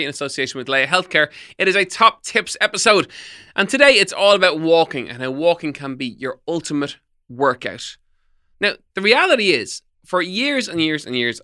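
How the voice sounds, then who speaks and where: A man's voice: fairly high pitch, bright, forceful tone. A middle-aged man hosting a fitness podcast, giving tips in an emphatic coaching tone. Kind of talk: solo podcast talk, tips.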